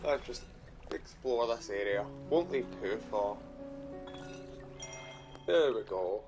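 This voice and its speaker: A man's voice: lowish voice, animated, takes it slowly, music in the background. Mumbling Scottish man playing a game. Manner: casual, swears often, mutters. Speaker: gaming streamer. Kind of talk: let's play commentary.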